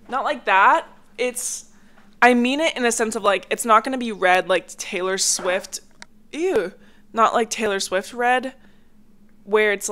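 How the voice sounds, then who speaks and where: A young woman chats casually on her own solo podcast at home, near a hallway, rambling from thought to thought with lots of "like" fillers. Her mid-range voice has a fairly bright tone but sounds a bit stuffy and congested.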